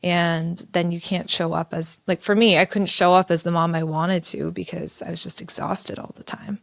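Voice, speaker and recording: Woman podcast co-host, low voice, gravelly fry, dry close sound, candid and animated. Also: normal speed, no echo. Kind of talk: casual conversational podcast.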